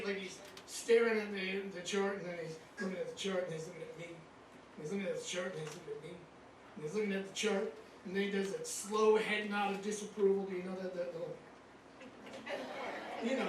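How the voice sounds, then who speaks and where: High-voiced man doing stand-up in an echoey room. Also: background noise. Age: 50s. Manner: conversational, teasing the crowd. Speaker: stand-up comedian. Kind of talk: stand-up comedy set. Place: cruise ship show lounge. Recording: echoey room mic, caught from far off. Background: audience laughter.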